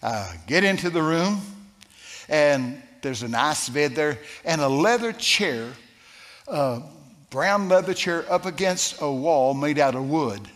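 A man's voice: fairly high pitch, expressive, slow pace, fairly bright tone. Man preaching, storytelling, asks the crowd questions, long echo of a church hall. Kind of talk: sermon.

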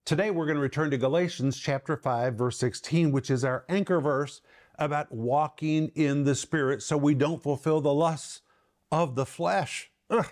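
A middle-aged man hosting and teaching the Bible on a ministry broadcast, earnest, slowing down and lifting his voice to stress key words. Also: fairly high pitch, darkish tone. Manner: earnest, slows and lifts his voice for emphasis.

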